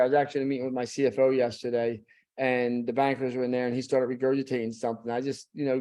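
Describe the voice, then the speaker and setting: A man's voice: on the high side, warm tone. A middle-aged man, a business owner, giving an emphatic motivational talk about leadership, repeating points and telling a personal story. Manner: emphatic, repetitive, storytelling with rising intensity.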